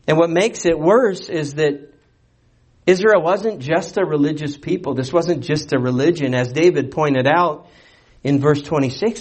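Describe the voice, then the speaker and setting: A man preaching a sermon, animated and conversational, with rhetorical questions and playful asides. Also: mid-range voice, moderate pace. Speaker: pastor.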